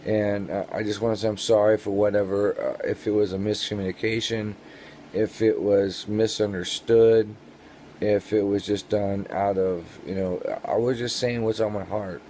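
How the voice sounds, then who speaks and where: A man with a low, dark voice talks from his bedroom into a camera close by. He sounds sleepy and halting, trips over his words and circles back on himself. Faint room noise sits behind him. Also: fairly even intonation. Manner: rambling, halting, with many restarts. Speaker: vlogger. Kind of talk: personal apology video.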